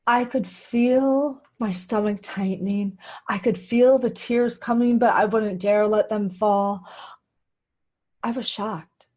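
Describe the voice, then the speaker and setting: A woman's voice: medium pitch, steady tone, takes it slowly, a little mellow. A middle-aged woman hosting a radio show, telling her own life story in a candid, confessional way and often laughing. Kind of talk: personal storytelling monologue.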